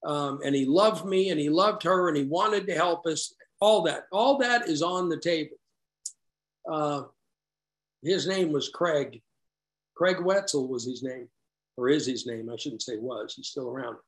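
A man's voice: a little high, expressive, measured pace, a bit bright. A middle-aged man telling his own recovery story to a group in a rambling, conversational way, with self-deprecating, wry asides. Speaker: recovery meeting speaker.

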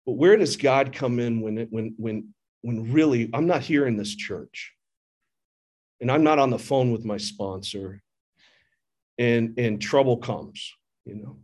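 A man's voice: medium pitch, measured pace, a little mellow. A middle-aged man giving an earnest, candid recovery testimony from a church podium microphone, often restarting his sentences. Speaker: speaker sharing at a recovery meeting. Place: church meeting hall.

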